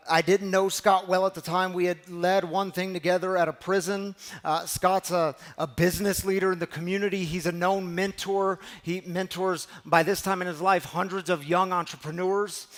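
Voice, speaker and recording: A man preaching a sermon as pastor, telling a personal story and moving between hushed, slow passages and loud, emphatic ones. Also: high-pitched. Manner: heartfelt, storytelling preacher with repeated phrases.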